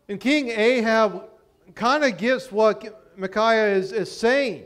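A man's voice: high-pitched, expressive, takes it slowly, a bit bright. A man from Pennsylvania preaching a sermon in a conversational way, explaining with rhetorical questions.

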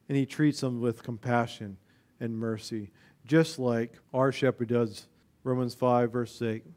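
A man preaching a sermon as pastor, rising to loud emphatic passages and dropping to quiet, low stretches.

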